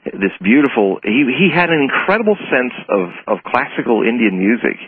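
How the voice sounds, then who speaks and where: A man's voice: mid-range voice, sing-song, a little fast, husky, no echo. A man telling rambling anecdotes as a radio interview guest, correcting himself as he goes, heard over a tinny phone line. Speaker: guest, prophecy author. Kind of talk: casual storytelling interview. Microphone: telephone.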